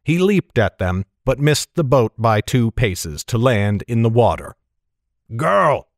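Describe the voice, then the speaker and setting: A man giving steady, measured narration of a fantasy story. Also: medium pitch, no room sound, clean studio sound. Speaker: audiobook narrator.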